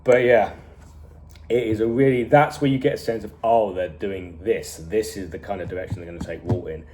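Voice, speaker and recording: A man casually reviewing a TV series, retelling scenes with animated energy, frequent chuckles and swearing. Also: on the low side, a little fast, a little hiss or hum. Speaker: TV show reviewer.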